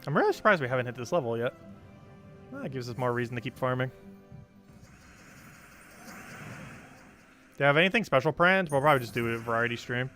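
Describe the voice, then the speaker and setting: A young man streams a game and talks straight to his chat, explaining tactics in a loose, meandering way full of fillers. His voice is bright and forward, and he rattles along at a brisk clip. Soft music plays underneath. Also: medium pitch, animated. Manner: rambling, explains game strategy with many fillers. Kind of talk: casual live-stream commentary.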